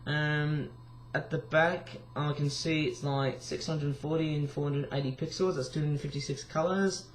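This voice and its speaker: A tired young man with a croaky voice, rambling casually through a vlog with lots of fillers and restarts. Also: fairly high pitch, fairly even intonation, normal speed, slight background noise. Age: young adult. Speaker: vlogger.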